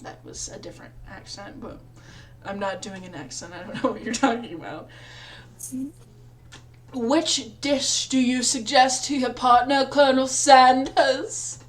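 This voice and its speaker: A woman's voice: high voice, measured pace. A young woman reading a visual novel aloud as a let's play, rambling and self-mocking with frequent laughs.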